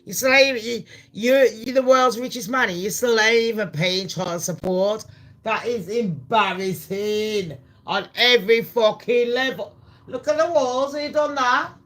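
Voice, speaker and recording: A woman's voice: a little high, measured pace, fairly bright tone. Woman host, blunt, profane ranting commentary, scornful edge. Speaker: channel host.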